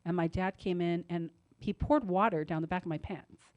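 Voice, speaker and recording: A woman co-hosting a radio talk show, telling a story in a casual, animated way with lots of "like" and "you know", and acting out the other people's voices. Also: moderate pace, no room sound, dull audio. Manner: animated, acts out quoted voices with big pitch jumps.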